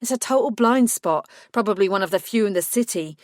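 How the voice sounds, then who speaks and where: A woman reading the lines of a male police colleague, brisk and matter-of-fact, in an audiobook. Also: medium pitch, lively intonation, no echo, clean studio sound, lightly acted. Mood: frustrated.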